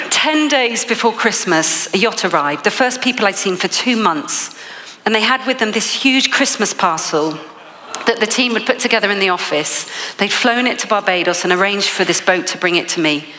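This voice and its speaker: Bright English woman giving a keynote. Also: medium pitch, normal speed, in a large hall. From England. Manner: lively storytelling with frequent laughs. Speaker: motivational speaker. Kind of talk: keynote speech.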